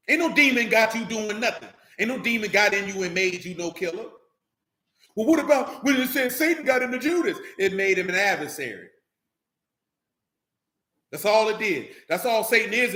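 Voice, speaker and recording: A man's voice: high voice, bright, forceful tone, roomy sound. A man preaching an informal sermon to his congregation, reading scripture and breaking off into loose, slangy asides.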